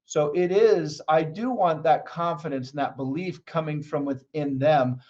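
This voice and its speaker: A man's voice: fairly high pitch, measured pace, a little mellow, lo-fi sound. A man who is a mindset coach, talking as a guest in a conversational interview, enthusiastic and motivational as he tells stories.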